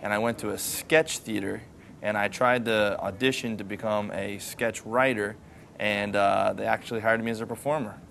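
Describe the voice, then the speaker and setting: A man answering interview questions about his comedy in a relaxed, easygoing way, trailing off softly. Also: lowish voice, normal speed, vocal fry, a little hiss or hum.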